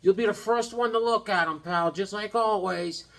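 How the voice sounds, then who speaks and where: A man's voice: high-pitched, normal speed, creaky, fairly bright tone, pitched above the performer's own voice. A man doing a chummy, eager shop dealer. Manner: chummy, calls him buddy and pal. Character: friendly eager male collectibles dealer.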